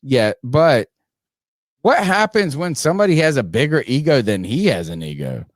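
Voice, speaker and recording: A man hosting a sports podcast, talking casually, animated and profane, joking with co-hosts. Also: medium pitch, moderate pace, dry recording, clean studio sound. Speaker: podcast host.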